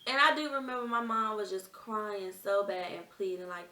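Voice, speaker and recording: A woman's voice: medium pitch, normal speed, pushed and bright, distant mic. A young woman vlogger earnestly telling a personal story in a conversational, emotional way. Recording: echoey room, off-mic.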